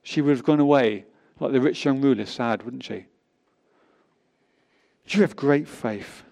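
A man's voice: mid-range voice, measured pace, creaky, dark tone. A man preaching a sermon, reading scripture aloud with emphatic rises and drops.

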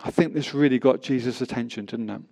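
A man's voice: mid-range voice, quick pace, vocal fry, a little mellow. A man preaching a sermon, reading scripture aloud with emphatic rises and drops.

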